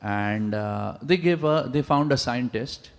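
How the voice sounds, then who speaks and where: In a big temple hall with a long reverb, a man preaches a sermon full of animated stories and rhetorical questions aimed at the congregation. He speaks a little slowly in a mid-range voice with vocal fry.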